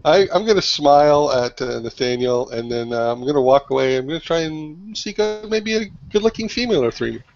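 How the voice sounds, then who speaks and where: A man playing a character in a tabletop game, describing his actions in a lively way with fillers. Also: a little high, fairly quick, hardly any pauses, slight background noise. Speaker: player. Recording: dull lo-fi recording.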